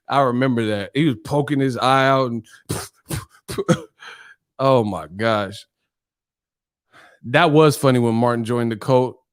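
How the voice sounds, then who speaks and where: A man's voice: mid-range voice, clear, resonant tone. A male channel host in a casual live-stream chat, telling stories animatedly and laughing often.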